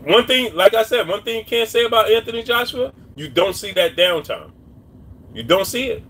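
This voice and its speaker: A man doing boxing commentary on a live stream, talking casually and repeating his points while shouting out viewers' names. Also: high voice, animated, moderate pace, husky. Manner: repetitive, shouts out chat names.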